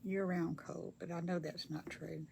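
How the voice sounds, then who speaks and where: An older woman with a drawl talks to her viewers while she works, warm and folksy as she reads their comments aloud. Her voice sits low and has a gravelly edge. A faint hum runs under the phone recording. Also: flat delivery, unhurried. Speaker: craft livestream host. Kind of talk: casual livestream chat while crafting. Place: home craft table.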